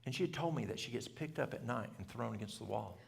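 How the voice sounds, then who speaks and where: A man tells a story in a plain, country way, now and then putting questions to his listeners. His voice is gravelly with deep fry, at a mid pitch. It rings with the long reverb of a church hall. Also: lively intonation, fast. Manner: folksy, talks country, asks the audience questions. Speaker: health speaker. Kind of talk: storytelling talk at a church event.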